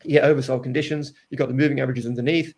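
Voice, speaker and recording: A man's voice: medium pitch, steady tone, racing, a little mellow, slightly rough. A man coaching live day trading, talking through charts step by step and often checking in with "right?". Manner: explains steps, ends points with "right?". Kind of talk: live market analysis chat.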